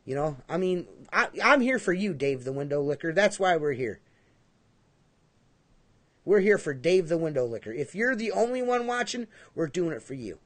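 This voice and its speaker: A man co-hosting a casual livestream podcast, talking in a high voice. He rambles, swears constantly and leans hard on his points. The sound is dry and close, with no room around it. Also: big pitch swings, moderate pace, dry recording. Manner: profane, rambling, emphatic. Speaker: podcast co-host.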